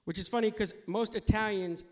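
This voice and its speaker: A man's voice: high voice, steady tone, a little fast. A man performing a stand-up comedy set on stage, laughing at his own jokes and acting out the voices of people he quotes. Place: comedy club stage with audience. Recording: audience laughter and noise in room.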